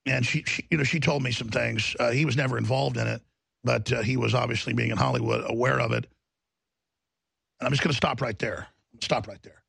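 Male host with a gravel-edged, raspy voice, pushing an impassioned ranting monologue. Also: mid-range voice, a little fast, a bit bright, no room sound. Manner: fervent, ranting, emphatic repetition. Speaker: talk show host.

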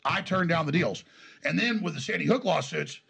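A man with a Texas accent speaks as an interview guest, talking in an emphatic, rambling way. His voice is heavily gravelly with a husky, slightly raspy texture. It sits a little higher than most men's voices. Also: animated, brisk, a bit bright. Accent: Texan. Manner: emphatic, rambling, acts out quoted exchanges. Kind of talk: conversational interview storytelling.

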